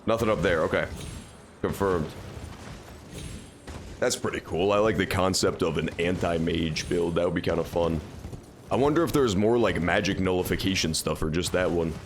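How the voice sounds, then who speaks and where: A man's voice: low-pitched, normal speed, long pauses, slight background noise. A man streaming a game, giving casual, joking and profane commentary. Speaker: gameplay streamer. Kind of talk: casual live gameplay commentary.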